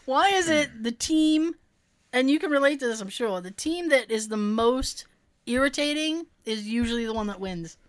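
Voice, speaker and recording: A woman co-hosting a casual chat, animated and sarcastic, laughing often. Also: fairly high pitch, moderate pace. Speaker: podcast co-host.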